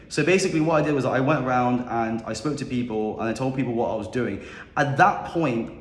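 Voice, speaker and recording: A young man telling a story in a casual, confident and rambling way on a podcast. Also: mid-range voice. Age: young adult. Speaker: podcast guest. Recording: echoey room with long reverb.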